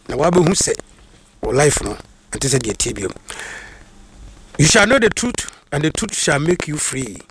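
A man's voice: medium pitch, a little hiss or hum. A man preaching a sermon that mixes in English phrases, stressing his points by repeating them, and greeting listeners by name.

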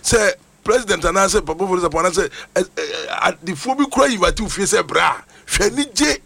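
A man's voice: high-pitched, lively intonation, fairly quick, creaky, pushed and bright, husky, no echo. A man preaching steadily, addressing listeners as family. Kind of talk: sermon.

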